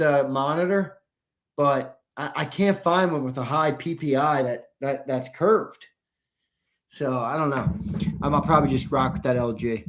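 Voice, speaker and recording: Chatty American man hosting a fan show. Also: fairly high pitch. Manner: loose, chatty, reads viewer comments, bursts into shouting. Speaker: host. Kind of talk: live sports talk stream.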